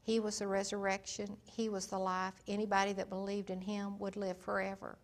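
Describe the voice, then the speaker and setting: A woman giving an informal Bible teaching in a folksy, emphatic way, swinging between soft and loud. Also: medium pitch, completely flat delivery, a little fast.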